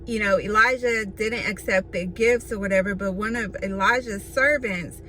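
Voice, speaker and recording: A woman's voice: mid-range voice, normal speed, sharp tone. A woman hosting a casual Bible study, reading scripture and adding folksy, emphatic comments. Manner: conversational, folksy asides and emphatic repetition; reads scripture aloud then comments.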